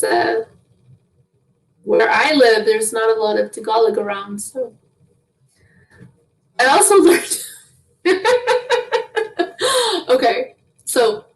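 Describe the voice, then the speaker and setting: A woman's voice: a little high, recorded from a distance, poor audio. Chatty woman who laughs a lot. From Canada. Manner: chatty, laughs often between phrases. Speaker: guest. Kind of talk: casual interview chat.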